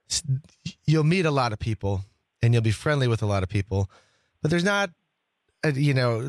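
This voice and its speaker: A man hosting a talk radio show in a loose, chatty way, doubling back and restarting his sentences often. His voice sits on the low side. The sound is close and dry, with no room in it. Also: dry recording. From Wisconsin. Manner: rambling, with many restarts and fillers. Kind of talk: casual talk radio chat.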